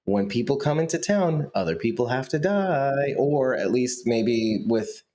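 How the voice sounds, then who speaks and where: A man's voice: mid-range voice, lively intonation, a little slow, dark tone, slight background noise. A man co-hosting a podcast in casual chat, talking in a teasing, playful way. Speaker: podcast co-host.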